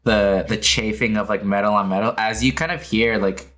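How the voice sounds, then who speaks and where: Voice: medium pitch, steady tone, moderate pace, fairly bright tone. Rambling game master, many fillers. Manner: rambling, full of fillers and restarts. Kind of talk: narrating a tabletop game.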